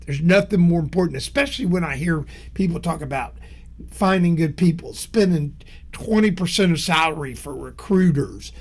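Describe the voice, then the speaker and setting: A man's voice: on the high side, moderate pace. A middle-aged man giving a blunt, emphatic motivational business talk, telling stories from his own work. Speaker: business speaker.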